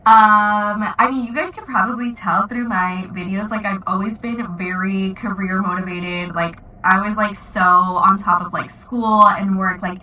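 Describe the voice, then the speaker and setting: A woman's voice: mid-range voice, steady tone, measured pace, hardly any pauses, sharp tone, distant mic, slight background noise, low-quality recording. A woman in her twenties telling a casual storytime vlog, chatty and full of "like" fillers. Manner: chatty, many "like" fillers, giggly. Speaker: vlogger.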